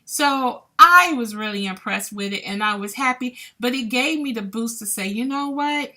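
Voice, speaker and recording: A woman's voice: on the high side, moderate pace, pushed and bright. A woman hosting a podcast, telling a personal story in a candid, chatty way that turns emotional at times. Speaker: podcast host. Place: lives in Columbia.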